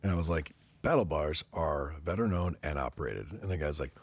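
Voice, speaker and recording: A man guesting on a podcast, telling profane stories with animated energy and frequent laughter. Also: extremely low pitch, brisk. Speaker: guest, company representative. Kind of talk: casual podcast chat.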